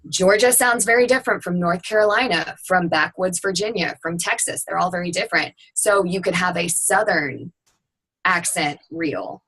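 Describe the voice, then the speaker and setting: A woman's voice: fairly low pitch, fairly bright tone, slightly rough, poor audio. A woman guest on a webinar giving frank, conversational voiceover advice. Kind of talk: casual advice talk.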